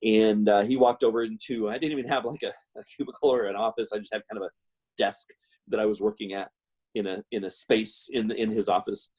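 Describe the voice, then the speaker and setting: A man's voice: lowish voice, fairly even intonation, brisk, a little mellow, husky. A middle-aged man telling a personal story in a rambling way, with many fillers and restarts. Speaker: guest speaker.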